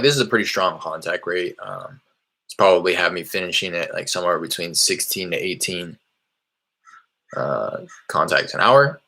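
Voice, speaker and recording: A man with a very deep, gravelly voice talks through his cold-calling method in a relaxed, chatty way, full of fillers and restarts. His tone stays bright and clear on top of the low rumble. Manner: loose and conversational, many fillers and restarts. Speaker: real estate wholesaler teaching cold calling. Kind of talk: casual explanatory tutorial. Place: small hot indoor room.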